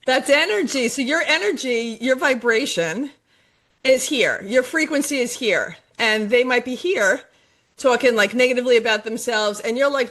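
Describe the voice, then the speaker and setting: Woman, middle-aged, life coach, motivational, emphatic repetition, higher voice. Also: expressive, normal speed, a bit bright. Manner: enthusiastic, motivational, repeats phrases for emphasis. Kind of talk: podcast conversation.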